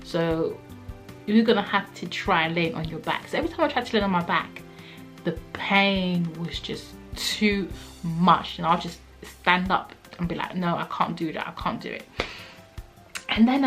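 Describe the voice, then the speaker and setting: A young woman vlogger telling a personal story in a casual, animated way, acting out what people said. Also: on the low side. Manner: animated, acts out quotes, frequent "like".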